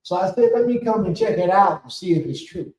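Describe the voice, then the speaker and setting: A man giving a sermon as spiritual leader of a congregation, preacherly and rising to shouts. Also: high-pitched, a little fast. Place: temple hall. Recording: echoey room from far off.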